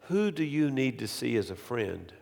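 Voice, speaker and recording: A male preacher delivering a sermon slowly and emphatically, repeating key phrases for weight. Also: mid-range voice, very animated, vocal fry, a little mellow. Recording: long hall reverb.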